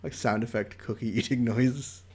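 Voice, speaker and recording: A man's voice: mid-range voice, steady tone, normal speed, breathy edge. A young man streaming a visual novel, reading it aloud with playful, chatty commentary. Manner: playful, chatty, laughs between lines.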